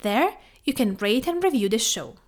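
A woman from Tuscany with an Italian accent, reading a scripted podcast introduction in a measured, list-like way. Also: fairly high pitch, animated. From Tuscany, Italy. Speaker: podcast host.

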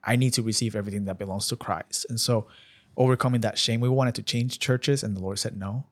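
A man sharing an emotional personal testimony as a podcast guest, speaking earnestly and haltingly with many restarts. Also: lowish voice, steady tone.

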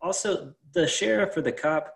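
A man's voice: on the high side, moderate pace, creaky. A man co-hosting a podcast, chatting casually about a horror movie in an easygoing way, laughing often. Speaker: podcast co-host. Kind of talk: casual movie recap chat.

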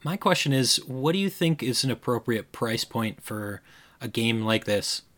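A man with a Midwestern American accent, co-hosting a casual gaming podcast in a middle register. He teases his partner and asks quick, pointed questions. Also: medium pitch, expressive, a bit bright. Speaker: podcast co-host.

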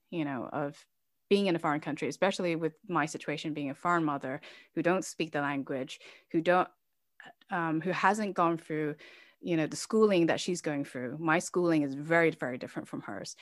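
A woman's voice: low voice, normal speed, dry recording, studio quality. A woman, an immigrant mother living in Norway, telling a personal story as an interview guest, emotional and laughing at times, with many fillers.

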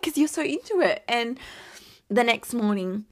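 A woman's voice: fairly high pitch, sing-song, moderate pace, no echo, studio quality. A young woman in her twenties, a new mother telling her birth story in a chatty way, full of "like" and quoted asides. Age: 20s. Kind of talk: casual storytelling.

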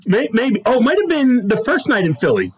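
A man telling stories on a podcast with plenty of laughter in his delivery. His voice sits high and swings widely as he acts out quotes, and a group around him laughs along. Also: a little fast, dull audio, a crowd in the background. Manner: animated, laughing storyteller who acts out quotes. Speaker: podcast host. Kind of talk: casual storytelling chat.

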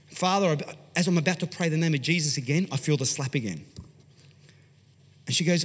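An Australian pastor telling a story in an animated, conversational sermon, swinging from loud to hushed. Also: male voice, medium pitch, fairly quick, slightly rough. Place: large church hall. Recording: long hall reverb.

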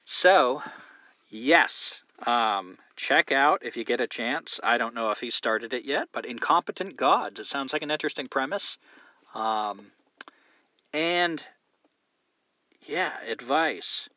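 A man's voice: mid-range voice, lively intonation, slow pace, pushed and bright, no room sound, muffled recording. A man hosting a podcast, musing aloud at length in a casual, rambling way with many fillers. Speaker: podcast host.

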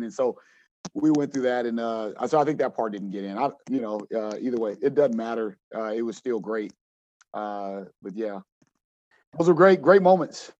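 A man who coaches, telling a story in an interview with animated acted-out quotes and frequent restarts. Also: medium pitch, moderate pace, lo-fi sound.

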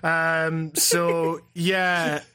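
A laid-back man chats casually, cursing and laughing along with his co-host. He talks slowly, in a notably high-pitched voice. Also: little pitch movement, pushed and bright, clean tone. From Scotland. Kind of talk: casual chat.

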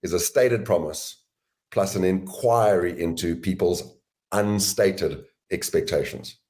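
Man, interview guest, sales educator, measured and deliberate, lowish voice. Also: a little mellow. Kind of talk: interview answers.

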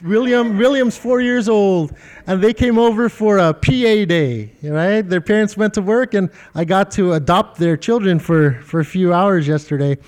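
A man's voice: high-pitched, normal speed. A middle-aged man preaching a sermon, telling stories with animation and asking the congregation questions. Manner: animated storytelling, quoting others in funny voices, talks directly to the congregation. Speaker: pastor.

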